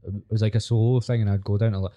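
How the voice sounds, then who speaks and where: A man's voice: on the low side, little pitch movement, very fast, warm tone. A young man, a podcast guest, telling stories bluntly with swearing and laughter. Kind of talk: casual chat.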